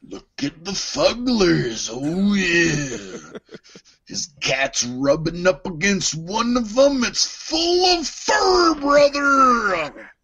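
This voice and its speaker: A man putting on the voice of a boastful, gravelly male wrestler. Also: high voice, lively intonation, extremely slow, bright, forceful tone, heavily acted.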